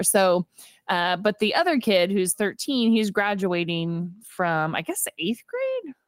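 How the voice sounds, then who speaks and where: Animated woman retelling a movie. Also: mid-range voice, unhurried, dry recording, studio quality. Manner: animated retelling, acting out characters' lines; frequent "like" fillers and laughter. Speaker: podcast co-host. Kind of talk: casual movie recap chat.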